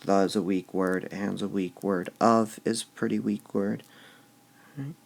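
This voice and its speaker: A man teaching a class, slow and deliberate, stressing syllables aloud as he goes through lines of verse. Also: on the low side, fairly even intonation, creaky. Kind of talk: classroom lecture on poetic meter.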